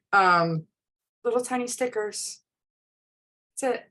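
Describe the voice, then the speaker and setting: A woman's voice: medium pitch, normal speed, a bit bright. Woman in her forties, casual live-stream host, chatty and rambling, frequent ums and restarts. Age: 40s.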